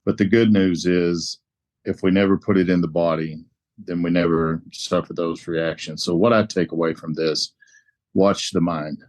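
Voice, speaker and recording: A man with an accent offers his takeaway at a recovery roundtable. His voice is very deep, and he stresses points by repeating them. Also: steady tone, normal speed, a little mellow. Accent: non-native. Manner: emphatic, repeats key words. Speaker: roundtable participant. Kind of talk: casual recovery-meeting sharing.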